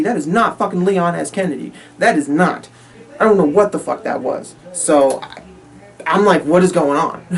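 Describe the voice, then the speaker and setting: A man giving a casual spoken movie review, ranting in exasperation, repeating himself, swearing often and laughing between points. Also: sits high. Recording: voice a little far from the mic.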